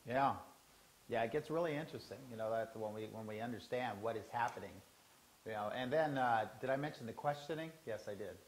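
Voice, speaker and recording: A man leading a group energy-healing workshop, teaching in a rambling, animated way and acting out inner voices. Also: mid-range voice, brisk, slight background noise, rough recording. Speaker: workshop leader.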